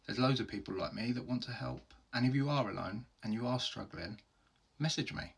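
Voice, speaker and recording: Male host, low gravelly husky voice, candid and earnest, solo Q&A video. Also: fairly quick. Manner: earnest, open and heartfelt, with plain everyday phrasing. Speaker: host answering viewer questions.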